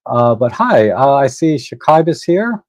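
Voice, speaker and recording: Working at his computer during a photo editing livestream, this man speaks at medium pitch, very animated but unhurried, with no echo. His desk-mic commentary is casual, full of fillers, restarts, and thinking aloud.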